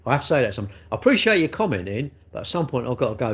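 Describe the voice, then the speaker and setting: A man's voice: medium pitch, sing-song, rapid-fire, a bit bright. A middle-aged man, chatting casually on a live stream and teasing viewers about their comments. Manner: jokey, teasing banter with chat.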